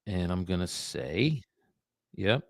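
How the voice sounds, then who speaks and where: A man with a low, gravelly voice talks his viewers through his phone calls on a live stream. He is chatty and offhand and often mutters asides under his breath. The sound is dry and close, with no room around it. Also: animated, slow pace, no echo. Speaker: real estate agent. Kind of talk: live-streamed cold calling with commentary.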